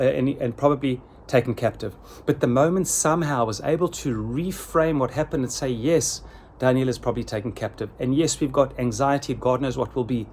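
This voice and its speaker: A middle-aged man delivers a sermon in an earnest, measured way, often repeating his key phrases for weight. His voice sits in a middle pitch. A faint noise runs underneath the recording. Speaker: rabbi giving a weekly Torah talk.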